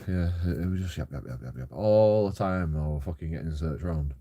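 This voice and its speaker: A young man telling a sweary, animated story about his landlord. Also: a bass voice, brisk, hardly any pauses, husky. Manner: sweary, animated, mimics others, laughs often. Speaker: vlogger. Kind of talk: casual storytelling rant.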